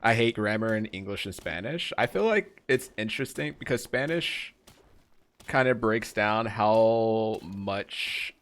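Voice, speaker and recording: A man's voice: on the low side, animated, measured pace. A man streaming a game, chatting casually with his viewers. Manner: chatty, trails off quietly, then greets chat brightly.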